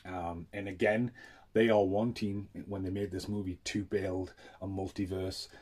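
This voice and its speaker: A man rambles keenly about films in a casual unboxing chat, swearing freely. His voice sits low and mellow, with a husky edge. He talks like a fan on a rant. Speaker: film collector reviewing a Blu-ray.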